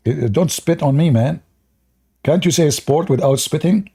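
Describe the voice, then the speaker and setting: A man's voice: medium pitch, animated, normal speed, mellow, breathy edge. A male host, giving mocking, sarcastic debate commentary with lots of repetition. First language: Arabic.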